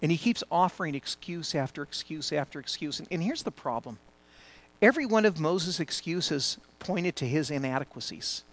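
Pastor, male, fairly high voice, earnest off-the-cuff sermon delivery to a home congregation. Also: a little fast. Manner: earnest, conversational preaching with frequent restarts; rises louder and higher when building a point. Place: church before a congregation.

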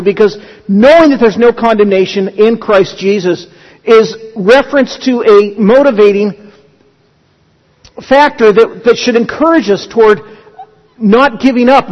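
A man's voice: extremely high pitch, big-room sound, lo-fi sound. A man preaching a sermon, telling stories conversationally, with frequent restarts. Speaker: pastor.

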